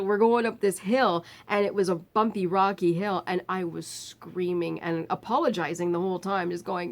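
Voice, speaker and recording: A woman's voice: fairly low pitch, fairly even intonation, normal speed. A woman vlogger recounting a personal ordeal in casual chat, laughing often and filling with ums and restarts. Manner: chatty, laughs often, many fillers and restarts. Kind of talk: casual storytelling to camera.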